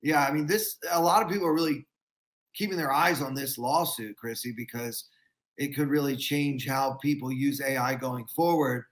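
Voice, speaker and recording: A man who is a comedian guest on a podcast, explaining his views in a thoughtful, measured way. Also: medium pitch. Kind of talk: casual podcast chat.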